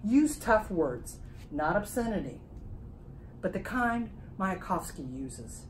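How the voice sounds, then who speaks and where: A woman performer giving a slow, deliberate spoken-word reading in short phrases at an apartment concert, recorded on a phone camera across the room. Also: mid-range voice, big pitch swings, a little hiss or hum, rough recording. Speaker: experimental music performer.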